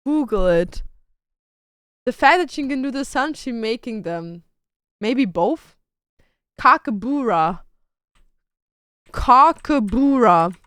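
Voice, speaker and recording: Young woman, Canadian, streamer, goofy, swears casually, bright voice, dry close sound. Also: fairly high pitch, expressive, slow pace, pauses often, clean tone, dry recording. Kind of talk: casual stream chat doing animal sounds.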